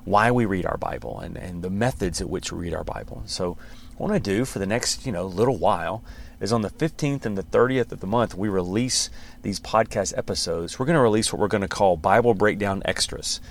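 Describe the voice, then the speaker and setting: Pastor guy chatting on his podcast, lowish voice, laughs a bit, trips over words. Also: fairly quick, vocal fry, a little hiss or hum. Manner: conversational, warm encouragement with chuckles and restarts. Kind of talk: casual podcast teaching.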